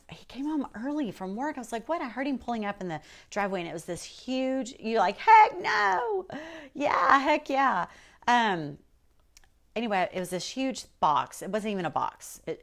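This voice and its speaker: A woman's voice: mid-range voice, animated, fairly quick, few pauses. A woman hosting a casual livestream from her workshop, chatting and reading viewer comments aloud as she paints. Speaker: host.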